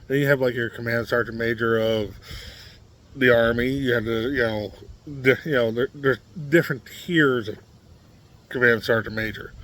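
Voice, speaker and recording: A man's voice: medium pitch, a bit bright, a little hiss or hum. A man from Nebraska giving a blunt, combative opinion monologue to camera, with many fillers and restarts. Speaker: political commentary vlogger.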